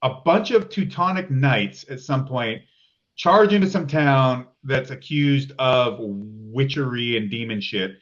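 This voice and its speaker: A man's voice: mid-range voice, unhurried. Wry film-buff man, dull lo-fi audio. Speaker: guest. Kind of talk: casual chat.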